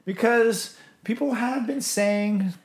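A man's voice: very high-pitched, takes it slowly. A young man co-hosting a podcast, joking, swearing and laughing often in casual banter. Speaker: podcast co-host.

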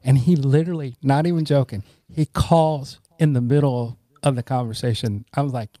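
Mellow-voiced man telling a long story. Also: mid-range voice, steady tone, moderate pace, hardly any pauses, no room sound, studio quality. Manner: rambling anecdotes with frequent "you know"; earnest, grateful tone. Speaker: podcast guest. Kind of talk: conversational storytelling.

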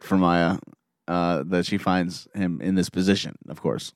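A young man casually recapping a TV episode, reading the scenes aloud and breaking in with emotional, excited asides. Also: sits low, moderate pace, no echo, studio quality. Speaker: show recapper.

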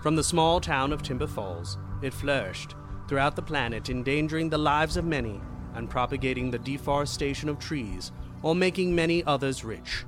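A man's voice: medium pitch, moderate pace. Dramatic guy reading a story, music playing under it. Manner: dramatic and expressive. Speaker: narrator. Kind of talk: scripted audiobook narration.

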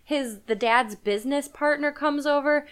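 A woman with a high voice, speaking at normal speed, casually retells a movie plot on a podcast, rambling loosely with lots of fillers and laughs.

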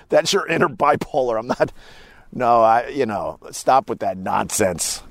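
A man hosting a live stream, chatting casually and telling stories in a rambling, animated, profane way. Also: medium pitch, no echo.

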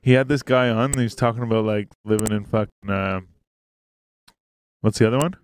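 A man's voice: on the low side, fairly quick, clean tone. A man hosting a podcast in casual chat, rambling, swearing often and laughing easily. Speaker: podcast host. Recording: faint hiss.

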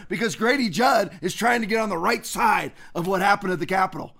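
High, gravelly, fired-up male commentator. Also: lively intonation, fast talker, few pauses. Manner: indignant, ranting, shouts often. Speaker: commentary show host.

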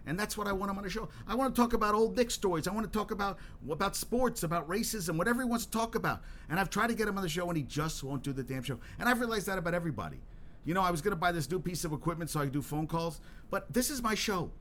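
A man's voice: high-pitched, racing, a bit bright, slight background noise. Rambling, cursing male podcast host. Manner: rambling and profane, with frequent restarts; worked up and emphatic. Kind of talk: solo podcast monologue.

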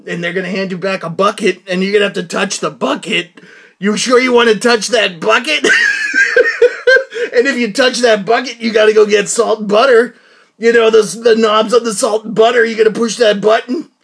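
A man hosting a casual film-review talk, excitable and rambling, slightly out of breath. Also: high-pitched, fairly quick, gravelly. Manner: excitable, rambling, breaks into laughter. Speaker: podcast host reviewing a film. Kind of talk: casual monologue.

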